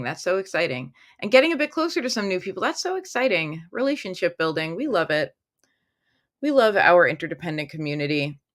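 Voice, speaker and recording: A woman with a fairly low, sharp-toned voice hosts a tarot livestream from a room in her home, speaking into her phone. She's casual, chatty and upbeat, reading viewers' comments aloud.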